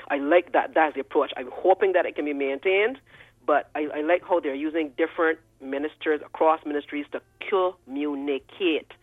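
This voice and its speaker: A man with a Barbadian accent calling in to a radio talk show, animated and often repeating words. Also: a little high, no echo. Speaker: caller. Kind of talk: call-in radio commentary. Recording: dry tinny phone line.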